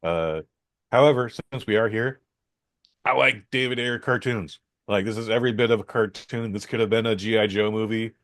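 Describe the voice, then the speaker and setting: A man's voice: on the low side, moderate pace, a bit bright, no echo. A man hosting a podcast, rambling through a casual film review with many fillers, restarts and some swearing.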